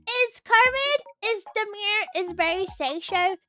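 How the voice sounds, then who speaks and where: Squeaky high-pitched young woman, lively sing-song giggling, bright voice, soft music behind. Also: measured pace. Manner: giggly, playful, teasing her chat. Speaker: VTuber streamer. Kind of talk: casual stream chat.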